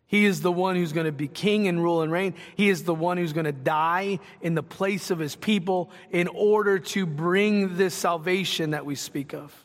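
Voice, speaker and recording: A man preaching a sermon as pastor, talking in a conversational way with quick asides. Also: high voice, big-room sound.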